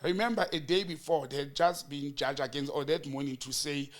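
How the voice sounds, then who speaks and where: On a political chat show, a South African commentator retells a heated hearing fairly quickly in a voice on the high side with fairly even intonation. He acts out each side's words as a story, building the emphasis as he goes.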